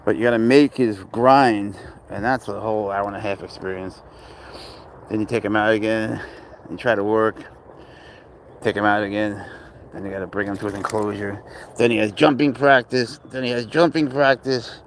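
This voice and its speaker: Man, low gravelly voice, easygoing rambling chat, tired, outdoors in a park with faint noise behind. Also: fairly even intonation, moderate pace. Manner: easygoing, rambling, soft baby talk to his cat. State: tired from little sleep. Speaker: cat owner vlogger. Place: outdoor park with traffic nearby.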